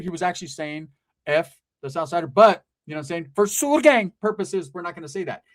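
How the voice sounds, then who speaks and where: Brief: man, higher-pitched, animated comic storyteller, profane and slangy. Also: a little fast. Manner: profane street slang, animated, acts out voices. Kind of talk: comedic storytelling.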